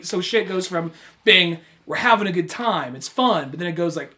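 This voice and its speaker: A man with a slightly raised pitch chats casually on a podcast, rambling through a movie recap. He swears freely and jumps into loud, acted-out quotes. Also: normal speed. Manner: rambling, profane, acts out quoted lines loudly. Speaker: podcast co-host. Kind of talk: casual chat.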